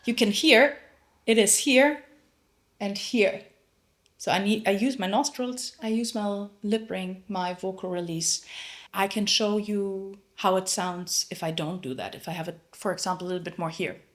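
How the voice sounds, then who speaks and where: A woman's voice: medium pitch, normal speed. A woman teaching a singing lesson, explaining technique and breaking into sung demonstrations. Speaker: vocal coach.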